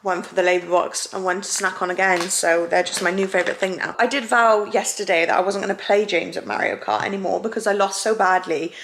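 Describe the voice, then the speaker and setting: A woman's voice: medium pitch, steady tone, quick pace, hardly any pauses, a bit bright, a little hiss or hum. A young pregnant woman chatting casually at home for a vlog, talkative and emotional, often giggling. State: heavily pregnant. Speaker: vlogger.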